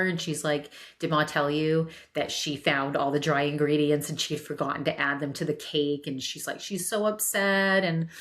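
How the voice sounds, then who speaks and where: A woman hosting a solo podcast, chatting casually and telling a family story with lots of restarts and repeated words. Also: deep voice. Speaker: podcast host.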